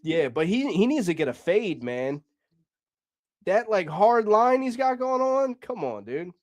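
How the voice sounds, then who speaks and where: A man's voice: sits high, sing-song, unhurried, dry recording. A man hosting a casual comedy podcast, laid-back, laughing often and swearing freely. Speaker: podcast host.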